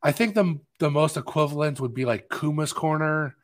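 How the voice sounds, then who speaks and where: A man's voice: fairly high pitch, normal speed. A man co-hosting a live film podcast in a casual, rambling chat full of fillers. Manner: rambling, chatty, with many fillers. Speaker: podcast co-host.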